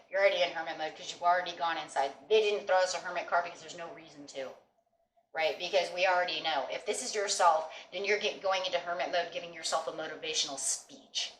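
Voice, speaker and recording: A woman's voice: lowish voice, fairly bright tone. A woman giving a casual, reassuring tarot reading to viewers, often checking in with "okay?" and "you know.". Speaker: tarot reader. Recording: echoey room with faint background noise.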